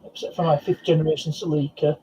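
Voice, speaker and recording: A man taking part in a casual live-stream chat over a video call, talking in a matter-of-fact, measured way. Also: fairly high pitch, flat delivery, dark tone, slight background noise, poor audio.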